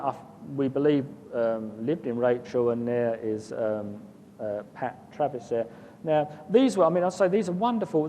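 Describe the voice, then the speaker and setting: Man, rambling storyteller, long hall echo, faint rumble. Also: darkish tone. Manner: rambling, repeats words, chuckles. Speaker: guest recounting an experience. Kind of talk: casual storytelling.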